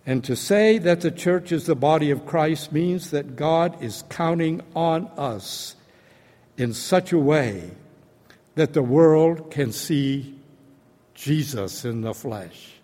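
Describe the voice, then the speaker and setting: A man preaching a sermon, retelling a story in a slow, deliberate, dramatic way. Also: a little high, animated, mellow. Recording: long hall reverb.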